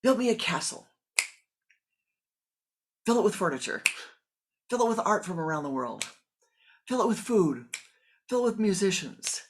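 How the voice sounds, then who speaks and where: A meditation teacher voicing a greedy disciple who shouts high, hurried commands in a parable. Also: very animated, noisy background. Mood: commanding. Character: frantic greedy disciple, barking orders.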